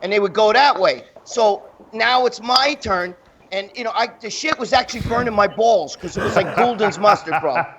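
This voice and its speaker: Male guest, high-pitched, foul-mouthed animated storyteller, light background hiss. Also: normal speed. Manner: profane, animated, acts out other people's lines. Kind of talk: casual talk-show storytelling.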